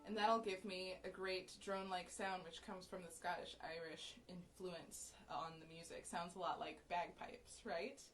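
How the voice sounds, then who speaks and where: Relaxed woman teaching fiddle. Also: lowish voice, a little slow, hardly any pauses, loud music behind the voice. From USA. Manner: relaxed, explanatory, often checks in with "right?". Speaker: violin teacher. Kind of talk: casual music lesson with fiddle demonstrations.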